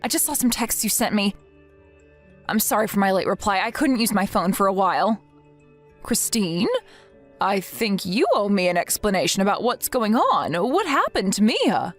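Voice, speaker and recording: A woman's voice: mid-range voice, animated, normal speed, natural voice. A woman voicing a stern, protective older grandmother who reads out text messages in a firm, reproachful way. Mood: worried. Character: stern, protective grandmother scolding her son. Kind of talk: text-message story read aloud. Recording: soft music behind the voice.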